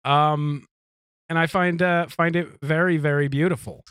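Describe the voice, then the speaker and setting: Earnest, hesitant male podcaster; high voice, dry close mic. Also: steady tone, fairly bright tone, clear, resonant tone, no room sound. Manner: halting, many fillers and restarts, earnest. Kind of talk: casual chat.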